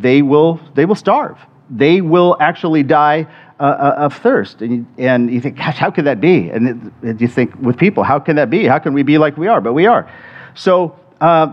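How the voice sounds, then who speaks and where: A middle-aged man preaching a sermon in a conversational way, often restarting and repeating words. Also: on the high side. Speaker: pastor. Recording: muffled lo-fi sermon recording.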